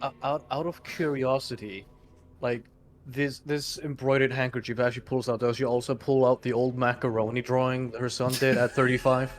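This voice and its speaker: A man's voice: medium pitch, level tone, moderate pace. A man playing in a tabletop game, throwing in joking, crude asides. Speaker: player. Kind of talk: casual play chat.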